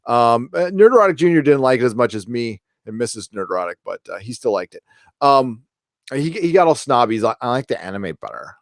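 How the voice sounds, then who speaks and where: A middle-aged man hosts a casual live stream, thinking aloud and correcting himself as he goes. His voice sits at an ordinary pitch. The sound is dry and close, with no room around it. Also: animated, a little fast, no room sound. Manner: rambling, self-correcting, opinionated. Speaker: live stream host reading chat questions.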